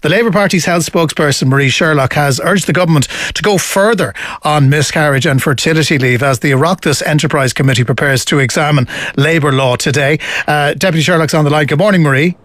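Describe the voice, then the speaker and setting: A man with an Irish accent hosting a breakfast radio show, bantering and quick with jokes, on a dry studio mic. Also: on the high side, fairly bright tone, no room sound. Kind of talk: live radio chat.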